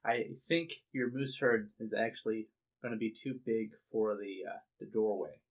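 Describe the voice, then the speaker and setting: A man narrating a tabletop game as game master, easygoing and halting, with fillers as he describes the scene. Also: lowish voice, lo-fi sound.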